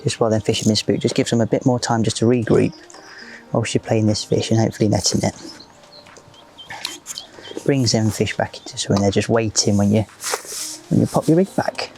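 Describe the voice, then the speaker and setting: A man's voice: fairly low pitch, fairly even intonation, brisk, creaky, pauses often, a little mellow, a little hiss or hum. A man giving a rambling, casual commentary while fishing outdoors at a lake. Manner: chatty, rambling, leans on fillers like "just". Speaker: match angler presenting the video.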